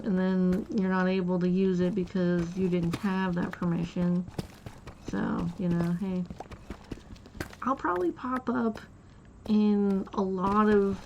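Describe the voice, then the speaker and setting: A woman's voice: on the low side, fairly even intonation, slow pace, a little mellow, muffled recording, a little hiss or hum. A woman live streamer chatting casually while she plays, rambling through stories with restarts and giggles.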